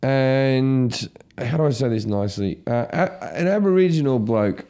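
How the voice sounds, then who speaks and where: A man, a comedian and podcast host, telling a story in casual chat, growing loud and animated as the tension builds. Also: mid-range voice, moderate pace, slight background noise. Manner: animated, grows loud and excited at the story's peak.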